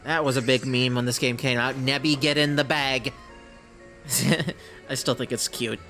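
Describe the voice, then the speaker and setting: A man's voice: medium pitch, flat delivery, unhurried, pushed and bright, soft background music. A man giving casual gameplay commentary, chatty and self-deprecating, with laughing asides. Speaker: let's play host.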